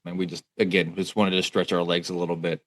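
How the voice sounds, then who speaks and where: A man's voice: sits low, level tone, fast. A man in his thirties from West Virginia, telling a road trip story in casual podcast chat, laughing and restarting as he goes. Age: 30s. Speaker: podcast co-host.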